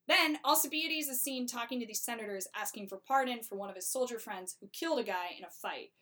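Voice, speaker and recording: A woman's voice: a little high, a little fast, sharp tone. A young woman casually summarizing a play's plot, wry and chatty, full of filler words. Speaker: storyteller summarizing a play.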